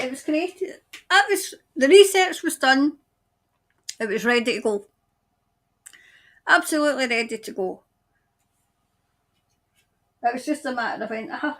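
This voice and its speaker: A woman giving a tarot-style psychic reading, musing aloud in a halting way as she trails off and starts her sentences over. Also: high voice, a bit bright. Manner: speaks of seeing and hearing things. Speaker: tarot reader. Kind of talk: intuitive psychic reading monologue.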